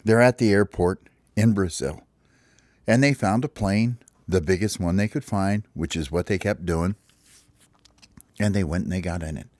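Man, father, improvised kids' story, rambling, low voice, dry close mic. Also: moderate pace, pauses often, a little mellow, no room sound. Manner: rambling, restarts with "well, anyway".

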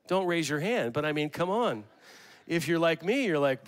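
Middle-aged male pastor, slightly high voice, conversational and animated sermon delivery. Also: normal speed, clean tone. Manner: animated, conversational preaching with rhetorical questions and acted-out quotes.

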